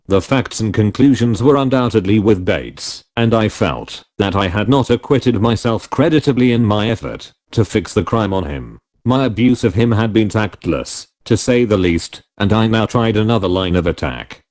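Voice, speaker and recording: A man reading a novel aloud in first person, measured and expressive. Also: fairly low pitch. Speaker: audiobook narrator. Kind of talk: scripted first-person narration.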